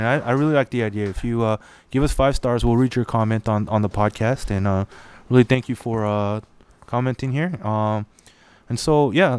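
Smooth-voiced man co-hosting a podcast. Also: medium pitch. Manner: relaxed, many filler "uh"s. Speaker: podcast co-host. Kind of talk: casual chat.

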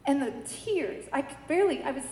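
A woman from New York giving a personal faith testimony, telling her story in a lively way and acting out the dialogue. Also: high-pitched, a little fast. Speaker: church member giving testimony. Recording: echoey hall with faint noise.

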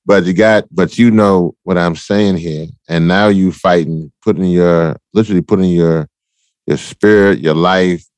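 A man's voice: sits low, fairly even intonation, unhurried, a little mellow, no room sound. A man interviewing a guest, asking long affirming questions in a casual way.

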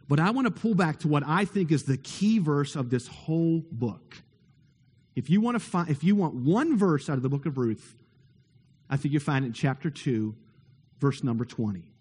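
A man's voice: fairly high pitch, dark tone, breathy edge. A man preaching a sermon as pastor, earnest and emphatic, building his points with repeated phrases and rhetorical questions. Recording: long reverb of a large hall.

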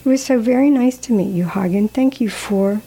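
Woman reading grieving gentle lady, soft, tearful, polite, warm mellow voice. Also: a little high, normal speed, husky.

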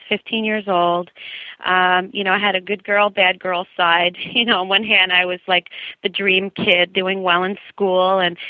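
This singer-songwriter, speaking by telephone in an interview, shares her own story with earnest warmth and animated quoted voices. She has a mid-range voice, and the tinny phone line carries no room sound.

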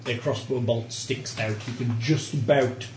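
A man's voice: mid-range voice, steady tone, unhurried, darkish tone, echoey room, slight background noise, low-quality recording. A man running a tabletop game as game master, reading rules and narrating plainly.

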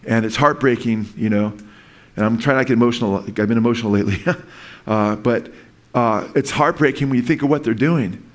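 A man preaching a sermon in an earnest, rambling way, with frequent restarts and asides to his listeners. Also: medium pitch. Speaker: pastor.

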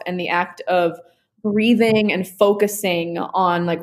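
A woman on a podcast chatting casually, talking in an animated way, swearing freely and filling her speech with "like.". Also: on the low side.

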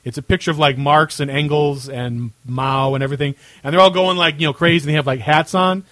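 A man talks very fast in a slightly high voice, chatty and quick to laugh. His voice is dry and close to the mic. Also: fairly even intonation, fairly bright tone, no room sound. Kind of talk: casual chat.

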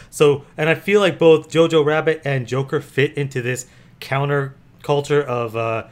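A man co-hosting a casual podcast, blunt and quick to swear. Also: fairly high pitch, steady tone, smooth. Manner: blunt, swears freely, fast. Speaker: podcast co-host. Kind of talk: casual chat.

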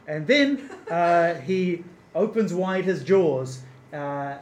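A man's voice: a little high, expressive, takes it slowly, reverberant, slight background noise. A man running a tabletop game on stage for a live audience, hesitant and full of fillers, amused. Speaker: game master.

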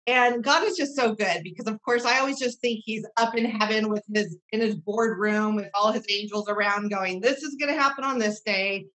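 A podcast guest in her thirties speaks at a moderate pace with medium pitch, a bit of brightness, and fairly even intonation, barely pausing. Her sincere personal stories wander with many fillers and restarts, and the recording quality is low.

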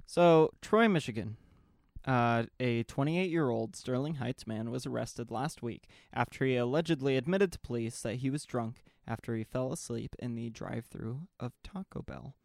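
A man co-hosting a casual chat, reading news stories aloud in a steady, deadpan way and giving short dry replies. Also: mid-range voice, moderate pace, creaky, dry recording. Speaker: podcast co-host reading news.

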